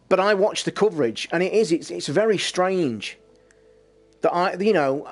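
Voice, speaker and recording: A middle-aged man with an East Midlands accent, chatting casually on a live stream, blunt and sweary and quick to anger. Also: a little high. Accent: East Midlands English. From England.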